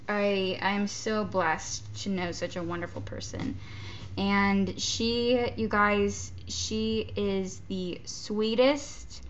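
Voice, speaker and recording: A woman's voice: mid-range voice, muffled recording. A woman chatting casually while opening a gift box, gushing and stammering between giggles. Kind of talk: casual unboxing chat. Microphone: off-camera, not shown.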